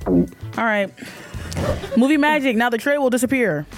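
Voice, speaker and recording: A woman's voice: on the high side, expressive, normal speed, over music. Playful young woman hosting a podcast.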